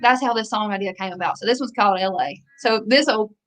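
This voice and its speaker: A woman's voice: mid-range voice, fast talker, fairly bright tone. A young woman from Louisiana with a Southern accent, a country singer chatting as a guest in an interview in a folksy, thankful way. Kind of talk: casual interview chat.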